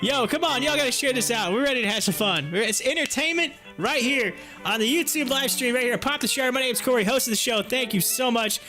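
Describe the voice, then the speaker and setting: A man's voice: extremely high pitch, brisk, few pauses, pushed and bright, soft background music. A young man hosting a live stream from home, chatting casually, joking and laughing often while he waits. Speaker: livestream host.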